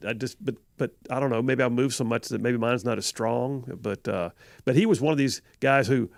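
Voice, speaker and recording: Gravelly Southern radio host, laughing easily. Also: male voice, medium pitch, brisk, no echo. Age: middle-aged. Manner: rambling, chuckling, self-correcting. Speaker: radio talk show host. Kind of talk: casual live call-in radio chat. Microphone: studio microphone.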